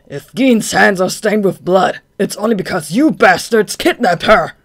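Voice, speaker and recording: Narrator doing a slow, scornful young killer. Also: mid-range voice, fairly even intonation, no echo, close to an everyday voice. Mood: furious. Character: cold, menacing young male swordsman-assassin. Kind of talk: fan audiobook character voice.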